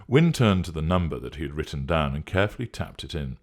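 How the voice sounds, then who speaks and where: A man narrating a story in a steady, measured reading voice. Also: extremely low pitch.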